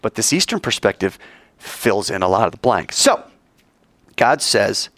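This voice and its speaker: A man preaching a sermon, telling stories in an animated way and asking his audience questions. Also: on the low side, unhurried, long pauses, no room sound.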